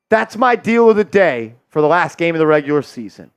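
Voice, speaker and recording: A man hosting a live sports watch-party stream, hyped and loud as he shouts out viewers' donations and calls the game. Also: a little high, sing-song, a little fast, gravelly, hardly any pauses, clear, resonant tone, highs cut off.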